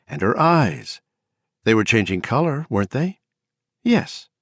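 A man narrating an audiobook in a measured, dramatic storytelling manner. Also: mid-range voice, big pitch swings, no echo, clean studio sound. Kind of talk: scripted narration.

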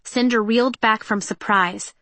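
A woman reading an audiobook in a measured, tense and expressive way. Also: on the high side, dry recording. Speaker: narrator. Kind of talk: audiobook narration.

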